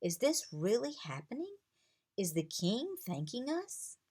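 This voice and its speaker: A woman's voice: fairly high pitch, very animated, unhurried, darkish tone, breathy edge, pitched above the performer's own voice, full character voice. Woman reading as earnest young boy, wondering, thoughtful.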